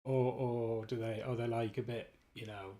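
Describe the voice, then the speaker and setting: A man's voice: mid-range voice, level tone, moderate pace, warm tone. A man from the United Kingdom hosting a livestream, chatting casually and rambling with frequent restarts while he builds. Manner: rambling, self-interrupting, chuckling. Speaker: livestream host.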